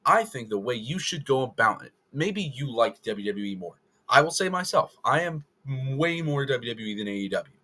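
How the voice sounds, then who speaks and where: A man's voice: medium pitch, lively intonation, normal speed, bright, forceful tone. A man giving casual opinion commentary to the camera, rambling and correcting himself as he goes. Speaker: wrestling video creator.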